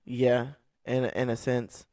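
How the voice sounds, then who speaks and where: A man's voice: medium pitch, completely flat delivery, slow pace, a little mellow, no echo. A man co-hosting a podcast, telling a long story in casual chat and checking in with his listeners as he goes. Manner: rambling storyteller, keeps asking "right?". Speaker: podcast co-host.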